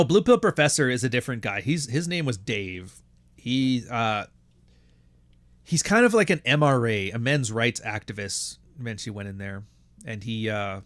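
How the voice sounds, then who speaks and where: A man's voice: mid-range voice, a bit bright, dry recording. A man hosting a podcast, telling stories casually with a sardonic, profane manner and mocking put-on quotes. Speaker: podcast host. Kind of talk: casual monologue.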